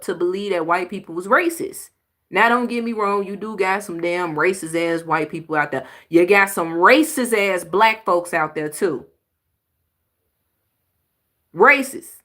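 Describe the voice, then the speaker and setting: A woman's voice: lowish voice, a bit bright. A woman hosting a reaction video, giving blunt, emphatic commentary on clips with sighs and exclamations.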